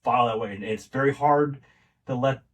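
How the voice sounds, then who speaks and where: Recorded from a distance, this middle-aged podcast guest speaks briskly at a medium pitch. He rambles through family stories in a relaxed conversational way, frequently starting over.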